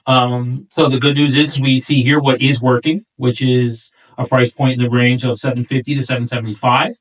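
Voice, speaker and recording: A middle-aged man with a New York accent, coaching a newer agent in a relaxed chat and acting out client talk along the way. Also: moderate pace, distant mic, poor audio. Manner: easygoing, acts out client lines in a higher voice. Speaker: real estate coach. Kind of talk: casual role-play coaching chat.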